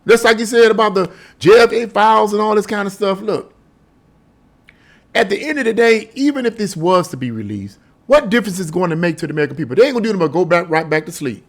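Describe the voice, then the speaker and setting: A man's voice: sits high, animated, fast talker. A man giving his political opinions in a casual vlog, emphatic and scoffing, with lots of rhetorical questions. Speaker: political commentator.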